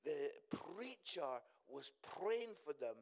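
A man's voice: on the high side, sing-song, slow pace, vocal fry. A middle-aged man giving a humorous sermon as a guest speaker at a church service. He is chatty and jokey and often tags his lines with "yeah?". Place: church service before a congregation.

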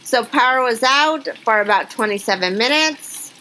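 Chatty lady podcast host reading news bits out loud, bright kinda high voice, little hiss behind. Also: moderate pace, low-quality recording. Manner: chatty, animated, reacts with exclamations. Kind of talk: casual chat, reading news stories aloud.

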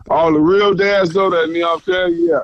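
A man's voice: fairly high pitch, no echo. A man, the host's father, chatting casually as a podcast guest, talking in laid-back street slang and laughing often. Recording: dull, lo-fi sound.

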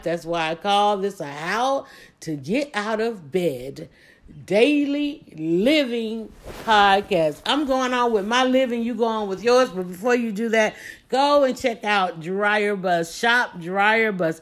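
A woman hosting a motivational podcast, talking straight to her listeners in an energetic, preachy way. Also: mid-range voice. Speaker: podcast host.

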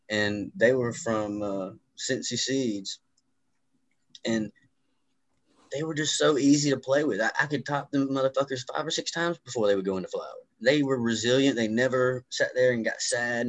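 A man's voice: medium pitch, dry recording, low-quality recording. Laid-back man. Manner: laid-back, swears freely. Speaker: guest. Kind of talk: casual chat.

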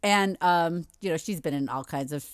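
Chatty, low-voiced woman co-host. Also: normal speed, smooth, dry recording, clean studio sound. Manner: chatty, giggly. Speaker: podcast co-host. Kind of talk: casual chat.

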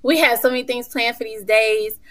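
Woman, thirties, talk show guest, animated, emphatic, folksy, slightly high voice. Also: brisk, a little hiss or hum. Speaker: guest, mother and retreat organizer. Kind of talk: casual talk show conversation.

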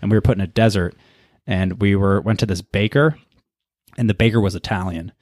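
A laid-back man hosting a podcast, talking loosely and swearing now and then. His voice sits on the low side. It is recorded close and dry, with no room echo. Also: fairly even intonation, a little fast, a little mellow. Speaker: podcast host. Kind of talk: casual chat.

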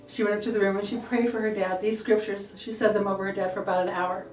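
A middle-aged woman giving an earnest, halting church testimony, often repeating herself. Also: medium pitch, little pitch movement, darkish tone, a little hiss or hum. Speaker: testifying believer. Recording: echoey room from a distance, faint music.

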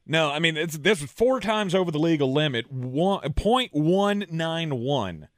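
A man's voice: on the high side, lively intonation, measured pace, dry recording, studio quality. Chatty laughing male podcast host. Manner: chatty storyteller, laughs often. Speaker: sports talk show co-host. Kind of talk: casual podcast banter.

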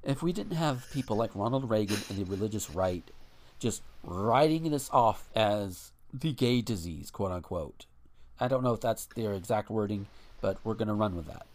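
Animated man on a casual podcast. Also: on the low side, normal speed. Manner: rambling and profane, with frequent restarts and fillers. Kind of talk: casual chat.

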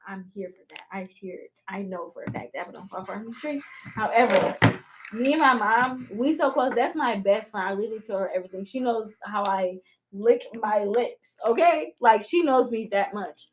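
A young woman in casual chat with friends, emphatic and animated, often talking over others. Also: mid-range voice, moderate pace, a little hiss or hum. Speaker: podcast co-host.

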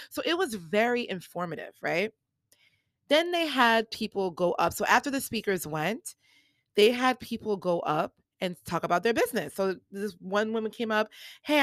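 A woman hosts her own podcast, casually telling a story and acting out the people she quotes with big jumps in her voice. Her voice is medium in pitch and a bit bright, and the recording on a podcast mic is dry.

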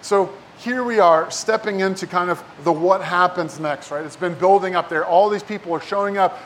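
A man with a high voice preaches in a relaxed, conversational way. He keeps checking in with his listeners through quick asides. A faint low rumble sits under his voice. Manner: casual, talks with many rhetorical "right?" and "like" asides. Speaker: pastor. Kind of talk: conversational sermon.

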